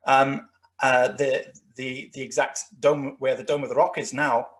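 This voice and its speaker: A man lecturing on history over slides, with many fillers and restarts as he talks. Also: on the high side. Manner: rambling, frequent restarts and fillers. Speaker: guest lecturer.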